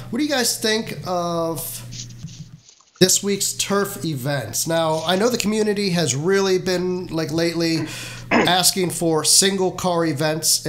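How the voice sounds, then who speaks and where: A man's voice: on the high side, a little hiss or hum. A man hosting a casual livestream, chatting loosely with plenty of fillers and easy laughs. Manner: rambling, fillers, laughs easily. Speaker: livestream host.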